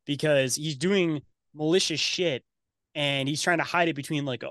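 A man's voice: a little high, fairly even intonation, normal speed, a bit bright, dry recording, clean studio sound. A man talking as a podcast guest in casual conversation, blunt and profane with a conspiratorial edge.

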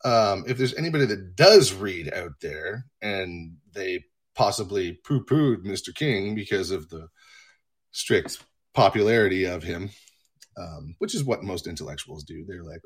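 Male streamer, low husky voice, rambling profane monologue from home. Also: animated, unhurried. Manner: rambling, profane, self-mocking. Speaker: livestream host.

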